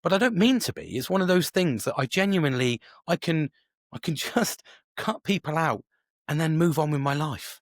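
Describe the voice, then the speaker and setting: Guy mid-forties rambling on his podcast, swears a lot, kinda high voice, dry close sound. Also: expressive, moderate pace, dry recording. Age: 40s. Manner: rambling, swears often, many restarts. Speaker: podcast host. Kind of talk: casual solo monologue.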